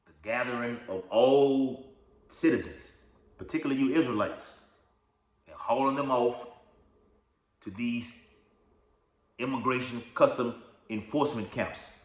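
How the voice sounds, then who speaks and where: A man's voice: mid-range voice, reverberant. A man giving an informal religious teaching, rambling and checking in with "okay?" and "all right?", reading verses aloud. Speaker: lay preacher.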